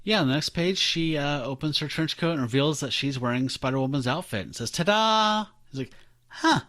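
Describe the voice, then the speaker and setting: A man's voice: medium pitch, quick pace, a bit bright, no echo, studio quality. A man co-hosting a comics podcast, chatting casually, joking and swearing, acting out quoted lines. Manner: jokey, profane, acts out quotes. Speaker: podcast co-host. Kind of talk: casual chat about comics.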